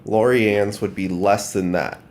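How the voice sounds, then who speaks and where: A man's voice: fairly low pitch, steady tone, measured pace. A man co-hosting a casual book podcast, tossing in offhand facts and teasing jokes. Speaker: podcast co-host.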